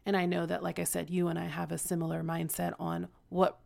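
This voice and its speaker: A woman co-hosting a podcast and talking as a mother, calm, candid and reflective in casual chat. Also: fairly low pitch, fairly quick, gravelly.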